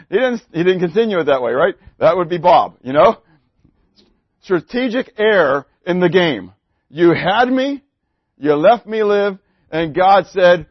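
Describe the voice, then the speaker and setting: A man delivers a sermon in a slightly high voice. He swings between loud, pointed emphasis and hushed asides and keeps putting questions to his listeners. The recording is dry and a little dull. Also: big pitch swings, normal speed, dry recording. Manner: asks the congregation questions. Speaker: pastor.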